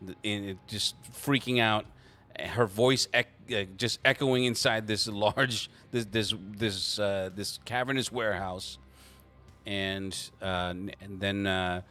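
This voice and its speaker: A man narrating a tabletop game as game master, halting with frequent restarts. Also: on the low side, fairly even intonation, bright, forceful tone. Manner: halting, lots of restarts and fillers.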